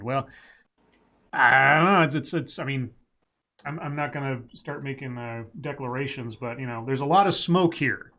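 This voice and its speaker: A man's voice: medium pitch, moderate pace, pushed and bright. A man co-hosting a casual political talk stream, rambling and restarting as he reads and comments on the news.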